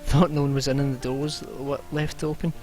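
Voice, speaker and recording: A man's voice: medium pitch, flat delivery, a little fast. A young man giving chatty, casual commentary as he plays a video game at home, muttering to himself as he goes. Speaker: let's play gamer. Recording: game music loud behind.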